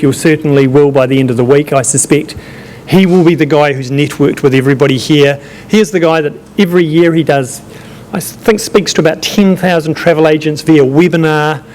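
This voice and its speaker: A man with a somewhat high voice, speaking to a conference audience in a loose, conversational way with fillers. A faint noise sits behind him. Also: darkish tone. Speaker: tourism market manager presenting. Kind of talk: conference presentation.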